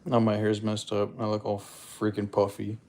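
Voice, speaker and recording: A man's voice: on the low side, moderate pace. A man on a livestream, casually chatting and joking as he reads out viewer comments. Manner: relaxed, joking, laughs often.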